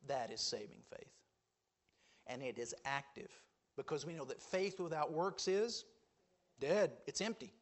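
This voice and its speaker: A man preaching a sermon, quoting scripture with emphatic swings between loud declarations and hushed lines. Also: on the high side, lively intonation, unhurried.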